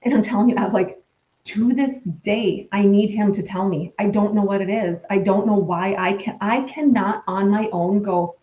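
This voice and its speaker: A woman's voice: medium pitch, fairly even intonation, normal speed, warm tone. A woman in her forties, a podcast guest telling a personal story in an earnest, rambling way with many restarts. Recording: dull, roomy-sounding remote recording.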